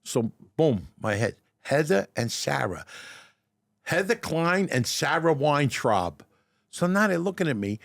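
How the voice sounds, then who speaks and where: Animated older New York man, gravelly storyteller. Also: a little high, a little slow, dry recording, clean studio sound. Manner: animated storyteller with repeated stammering starts. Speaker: guest, deli owner turned actor. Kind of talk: casual storytelling interview. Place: restaurant dining room.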